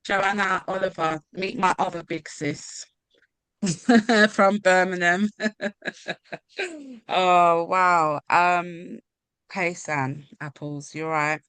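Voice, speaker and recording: A woman author speaking at her own book launch on a video call, emotional and halting, laughing now and then. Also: lowish voice, steady tone, fairly bright tone, clear, resonant tone, no echo. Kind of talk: casual video call chat.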